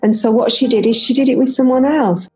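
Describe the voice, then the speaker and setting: Brief: woman guest, animated conversational delivery, fairly high voice, faint music behind. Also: brisk. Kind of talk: conversational interview.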